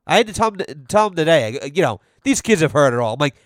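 A man's voice: a little high, very animated, fast, no room sound, clean studio sound. A man, a podcast host ranting through a casual, profane monologue. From Rhode Island.

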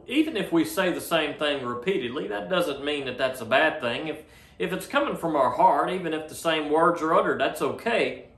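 A man's voice: on the high side, a bit bright, roomy sound. A man preaching a sermon as a pastor, earnest and plain-spoken, often repeating words as he restarts a thought.

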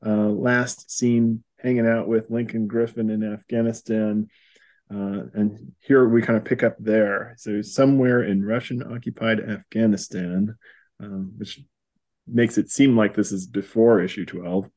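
A man's voice: on the low side, fairly even intonation, unhurried, darkish tone. Chuckling man recapping a comic. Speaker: podcast host. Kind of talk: casual chat.

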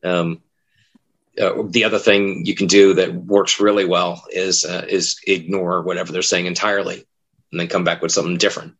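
A man's voice: low voice, little pitch movement, moderate pace, fairly bright tone, breathy edge. A man who works as a haunted attraction actor, telling stories in casual chat and acting out what people said. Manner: rambling storyteller, acts out quoted lines.

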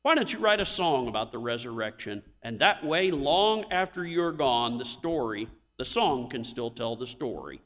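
A man voicing a patient pastor's wife, quiet and matter-of-fact. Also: mid-range voice, big pitch swings, moderate pace, in a large hall, pitched below the performer's own voice. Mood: calm. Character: patient pastor's wife, woman, practical and calm.

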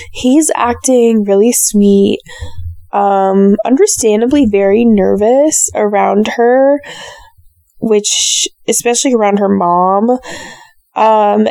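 Hoarse, raspy woman giving a chatty recap. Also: medium pitch, mellow, no echo. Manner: chatty, opinionated, gushing. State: hoarse, sore throat. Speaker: reality show recap host. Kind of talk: casual solo recap commentary.

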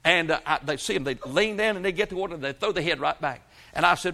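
A man's voice: a little high, quick pace, sharp tone. A male pastor, preaching a sermon in a folksy storytelling way with frequent amens. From South Georgia, US.

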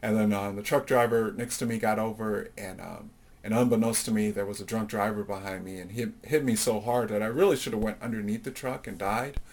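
Low-voiced man telling his life story. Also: fairly even intonation, a little fast, darkish tone. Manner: reflective storytelling, many fillers, acts out quoted voices. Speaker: interview guest. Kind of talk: personal life story in an interview.

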